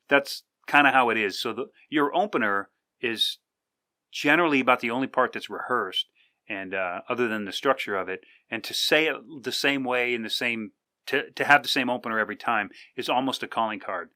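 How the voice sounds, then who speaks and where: A man's voice: medium pitch, moderate pace, sharp tone, no room sound, clean studio sound. A man hosting a podcast, talking casually from his seat with lots of fillers and restarts. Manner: rambling, conversational, with many fillers and restarts. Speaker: podcast host. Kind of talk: casual monologue. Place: indoors, sitting with coffee.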